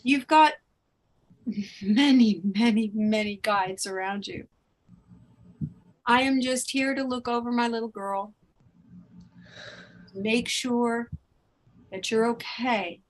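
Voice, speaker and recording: A loving mother's spirit, as a woman channels her, speaking low and softly at an unhurried pace. The voice is gentle and reassuring throughout. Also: rough recording. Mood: tender. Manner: tender, reassuring, soft.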